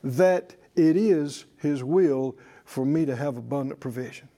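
A man's voice: medium pitch, measured pace, dark tone. A man preaching a sermon to a congregation, emphatic and leading them in call-and-response. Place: church service with congregation.

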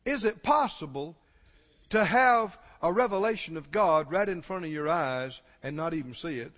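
A man's voice: fairly high pitch, animated, normal speed, a bit bright. A man preaching a sermon with passion, asking his listeners questions and rising to exclamations. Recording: dull lo-fi sound with long hall reverb.

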